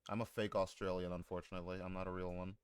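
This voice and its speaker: A man's voice: low-pitched, flat delivery, very fast, smooth, no echo. A man live-streaming who chats casually with his viewers, joking, swearing and laughing often.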